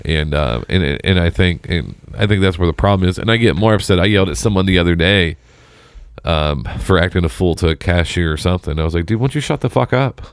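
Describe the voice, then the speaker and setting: Very deep-voiced joking man, chatting. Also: fast talker, smooth, no echo, studio quality. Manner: rambling, joking, profane. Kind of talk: casual chat.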